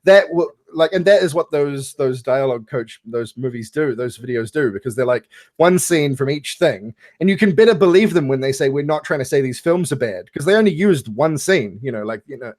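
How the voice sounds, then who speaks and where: A man's voice: mid-range voice, animated, brisk, few pauses, darkish tone, dry recording, studio quality. A man hosting a casual discussion, talking in a rambling way with many fillers like "like" and "you know". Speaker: podcast host leading a discussion. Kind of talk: casual chat.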